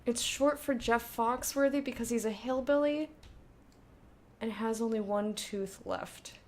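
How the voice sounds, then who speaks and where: A young woman streaming a game and chatting casually with her viewers, blunt and quick to swear, laughing often and reading their messages aloud. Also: a little high. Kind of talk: casual live-stream chat while gaming.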